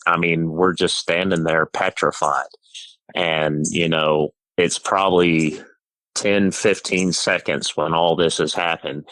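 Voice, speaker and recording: A middle-aged man calling in to tell a personal story, halting and full of "you know" and "uh". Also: low-pitched, a bit bright, no room sound, low-quality recording. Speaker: caller.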